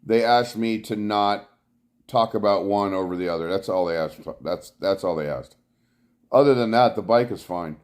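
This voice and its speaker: A man's voice: on the low side, normal speed, darkish tone. A man hosts a laid-back live stream from his couch at home. He greets viewers one by one and drifts from topic to topic in easy, rambling chat. His voice comes through a clip-on mic. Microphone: clip-on mic worn from bike riding.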